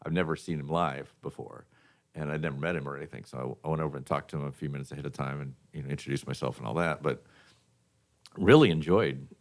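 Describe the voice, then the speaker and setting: A man who has lost some of his voice, telling stories in a relaxed, chuckling way as a guest on a morning radio talk show. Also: a bass voice, quick pace. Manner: relaxed storytelling, chuckles often. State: hoarse from losing his voice. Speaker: guest from a charity foundation. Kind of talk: casual radio chat. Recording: radio studio.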